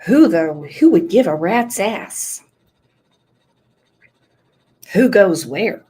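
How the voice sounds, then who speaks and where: A woman's voice: mid-range voice, lively intonation, a little mellow, husky. A woman hosting a true-crime livestream, chatting casually and joking with her viewers. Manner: playful, joking, drawn-out. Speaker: true-crime channel host.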